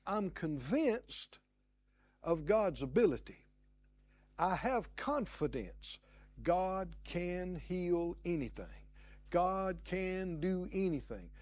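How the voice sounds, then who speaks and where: A man's voice: high voice, dark tone, no echo. A man preaching a sermon, emphatic, repeating key words and acting out the prayers he quotes.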